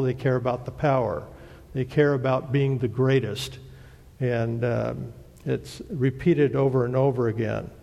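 A man teaching a Bible lesson in a plain, halting way, often pausing on "uh" as he explains a scripture passage. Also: mid-range voice, creaky, warm tone. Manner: plain, hesitant teaching with many "uh" fillers. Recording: long hall reverb.

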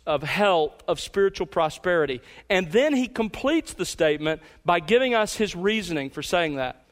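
A man preaching an expository sermon as pastor, emphatic and measured, slowing down to stress key words. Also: high-pitched.

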